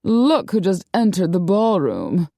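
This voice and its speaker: A woman voicing a snooty aristocratic lady with a prim, drawn-out, affected delivery. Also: mid-range voice, sing-song, vocal fry, warm tone, no echo, studio quality, heavily acted.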